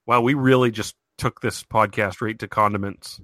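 A man's voice: fairly low pitch, fairly even intonation, moderate pace, sharp tone, no room sound. A man co-hosting a podcast in casual, rambling chat, full of fillers and restarts. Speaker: podcast co-host.

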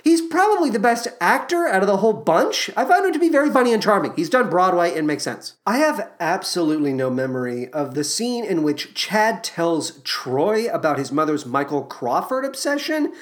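Comedic podcast host, female: lower voice, very animated, sarcastic and profane. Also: moderate pace, few pauses. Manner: sarcastic, exaggerated asides, profane. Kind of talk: comedic movie commentary.

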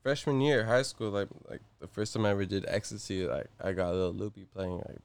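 Young guy, casual slangy chat, swears a lot, stammers into sentences, low smooth voice. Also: quick pace.

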